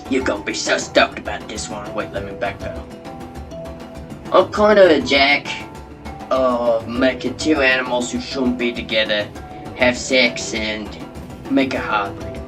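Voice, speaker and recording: A man plays a brash, boastful Australian breeder of monstrous hybrid animals, bragging like a showman. He speaks at a middling pitch, with guitar music playing clearly behind him. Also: a little slow, long pauses, close to an everyday voice. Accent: put-on Australian.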